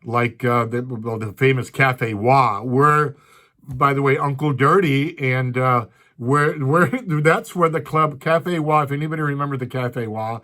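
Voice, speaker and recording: A man's voice: mid-range voice, unhurried, pushed and bright. An older male stand-up comedian telling rambling stories from his career with many restarts and asides. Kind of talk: storytelling.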